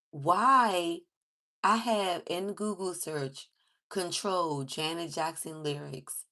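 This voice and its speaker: A woman vlogger in casual chat, animated and exclaiming, laughing often as she talks. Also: mid-range voice. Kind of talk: casual chat with read-aloud lyrics.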